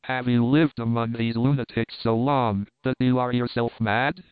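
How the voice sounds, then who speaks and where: A man voicing a bold, calm jungle hero who gives firm commands, on a dry recording. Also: medium pitch, moderate pace, clear, resonant tone, no room sound, natural voice. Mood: commanding. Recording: dry, tinny phone-like sound.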